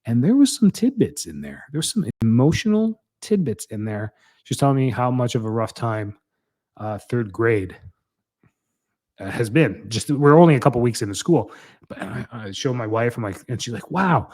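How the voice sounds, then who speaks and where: A man's voice: medium pitch, expressive, normal speed, a little mellow. A man in his thirties hosting a solo podcast, talking in an earnest, rambling way and often correcting himself. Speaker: podcast host. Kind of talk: casual solo podcast talk.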